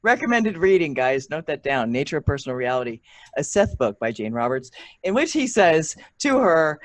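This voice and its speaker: A woman hosting a casual interview show, excitable and gushing, laughing often. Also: sits low, normal speed, dry recording. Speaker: talk show host.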